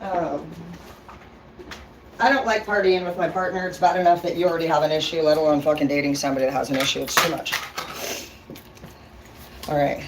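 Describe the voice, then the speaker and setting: A woman's voice: low voice, steady tone, a little fast, long pauses, background noise. A woman vlogging in a casual livestream rant, blunt and profane, talking straight to her viewers.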